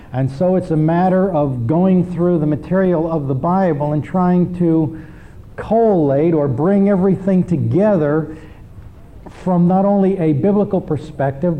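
A man teaching a church class in a measured, explanatory sermon style. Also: on the high side, lo-fi sound. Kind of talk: sermon lecture.

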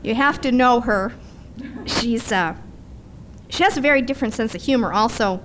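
A middle-aged woman preaching a sermon in a conversational, animated storytelling manner. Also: fairly high pitch, moderate pace, noisy background.

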